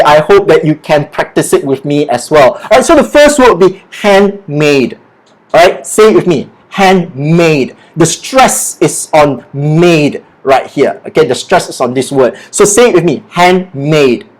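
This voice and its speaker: A business lecturer teaches over a livestream, speaking at a middle pitch. The delivery is patient and repetitive, full of "okay" and "all right" as each word is said again and again for practice. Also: lively intonation, normal speed, poor audio. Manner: peppers speech with "okay" and "all right", drills pronunciation by repetition.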